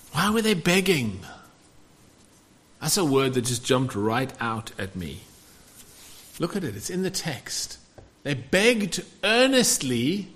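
Male preacher, sermon delivery, slightly high voice with lots of rise and fall. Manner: animated, rhetorical questions to the congregation.

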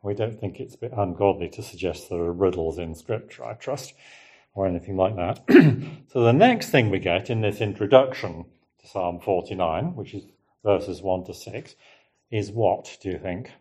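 A man with a fairly low voice gives a relaxed Bible teaching. He muses aloud and keeps checking in with his listeners through rhetorical questions. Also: normal speed, slightly rough. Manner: conversational, musing, asks the listeners rhetorical questions. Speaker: preacher.

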